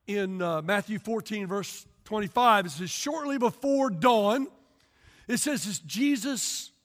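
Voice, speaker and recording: A middle-aged male pastor preaching a lively sermon, telling stories with animation, acting out voices and bursting into shouts. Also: very high voice. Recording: long hall reverb.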